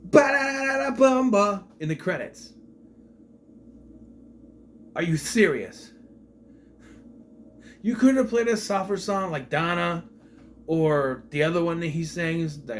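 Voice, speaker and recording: A man's voice: fairly high pitch, slight background noise. A man giving a casual spoken film review, retelling scenes with incredulous rhetorical questions. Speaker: movie reviewer.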